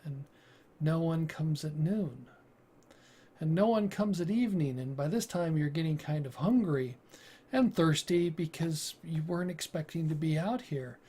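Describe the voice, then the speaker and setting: A man who is a game master and YouTuber, telling stories from his campaigns in a deliberate, halting way. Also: on the high side, warm tone, husky. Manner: slow, deliberate, halting with fillers and restarts. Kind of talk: casual storytelling monologue.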